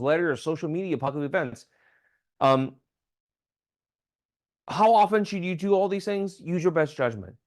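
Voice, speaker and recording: His voice sits fairly high, with a somewhat dark tone. He's a state legislator leading a casual training talk at a town hall meeting, often stumbling into ums, starting over, and asking "okay?".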